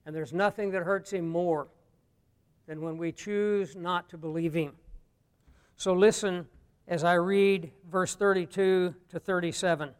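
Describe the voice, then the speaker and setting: A pastor preaching a sermon, dropping to a hush and then rising to loud emphatic lines. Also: male voice, high voice, fairly even intonation, unhurried, clean tone. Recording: long hall reverb.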